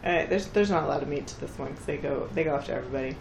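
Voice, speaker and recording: A woman's voice: very fast, vocal fry, darkish tone, reverberant, slight background noise. A woman co-hosting a casual podcast, retelling a cartoon episode and acting out the characters' lines. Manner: chatty, acts out characters' lines with bursts of pitch. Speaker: podcast co-host recapping an episode. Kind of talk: casual chat.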